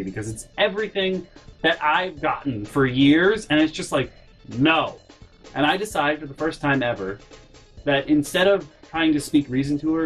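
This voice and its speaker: A young man telling a personal story in a casual vlog, exasperated and profane. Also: mid-range voice.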